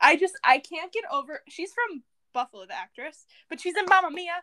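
A young woman co-hosting a podcast in casual chat, animated and playfully indignant. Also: very high-pitched, a little fast. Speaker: podcast co-host.

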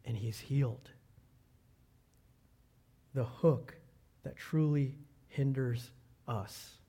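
A man preaching a sermon as a pastor, telling a story and asking the congregation questions, swinging between loud exclamations and quiet low asides. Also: extremely slow, husky.

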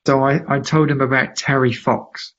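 A man, a podcast guest, telling a story with lively emphasis and acting out the voices of people he quotes. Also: mid-range voice, normal speed, muffled recording. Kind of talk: animated storytelling in a podcast interview.

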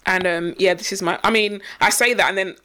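Brief: quick, loud young woman co-hosting a chatty podcast. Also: mid-range voice, steady tone. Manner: loud, chatty, uses London slang. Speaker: podcast co-host. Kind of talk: casual chat.

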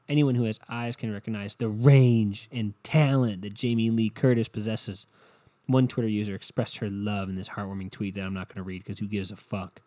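A man's voice: fairly low pitch, warm tone, no echo. A young man hosting a solo podcast, rambling in a profane, sarcastic, offhand way. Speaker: podcast host. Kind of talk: casual solo podcast rant.

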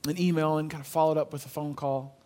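A pastor preaching a sermon in an earnest, conversational way, telling a story and repeating phrases for emphasis. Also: male voice, on the high side, fairly even intonation, fast, darkish tone. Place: church.

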